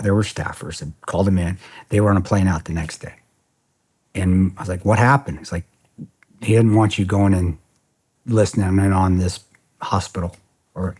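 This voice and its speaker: A man in his forties, a former security contractor, shares a story as a guest in a casual podcast interview. His low, husky voice stays blunt and profane throughout, and he animatedly acts out the quoted dialogue.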